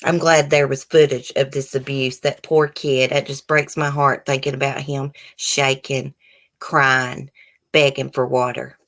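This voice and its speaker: Reading news stories on her live stream, the woman host keeps interrupting herself with indignant, heated remarks and loose, rambling talk aimed straight at viewers. She has a bass voice with a level tone, slightly bright and a little slow.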